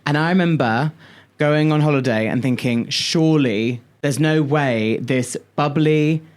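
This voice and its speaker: Man, podcast co-host, animated storyteller, casual, swears a lot. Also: on the high side, a little slow. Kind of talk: casual chat. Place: podcast studio.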